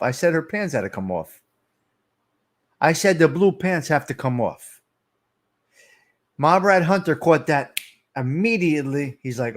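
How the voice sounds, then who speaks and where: A man's voice: a little high, expressive, unhurried, long pauses. A middle-aged man, rambling and teasing viewers by name as he hosts a casual live stream. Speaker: livestream host.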